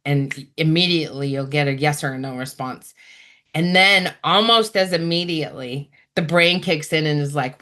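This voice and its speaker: A woman speaking as an interview guest, talking in an animated way and acting out her inner voices in quick asides. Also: low voice. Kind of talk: conversational interview answers.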